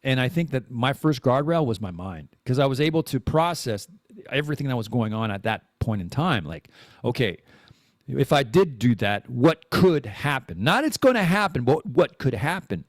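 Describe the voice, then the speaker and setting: A man hosting a live-streamed podcast, talking in a rambling, animated way, restarting and repeating words as he thinks aloud. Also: mid-range voice, moderate pace, no echo, studio quality. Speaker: podcast host. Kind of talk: casual live-streamed monologue.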